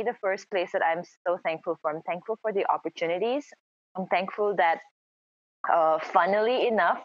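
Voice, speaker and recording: A young woman co-hosting a podcast in casual chat, excitable and gushing. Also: lowish voice, no echo. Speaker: podcast co-host. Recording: slightly muffled lo-fi mic.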